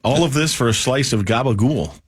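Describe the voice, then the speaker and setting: A middle-aged man chatting on sports radio, circling back and restarting his sentences as he tells a game story. His voice sits at an ordinary pitch, easygoing and conversational. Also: fairly quick, husky. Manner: rambling, restarts often while telling a story. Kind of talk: casual sports radio chat.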